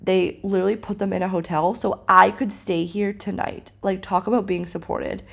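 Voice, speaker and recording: A woman hosting a podcast, telling a personal story casually and excitedly, full of fillers and dramatic retellings. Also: medium pitch, normal speed, vocal fry. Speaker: podcast host. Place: living in Cape Town, South Africa.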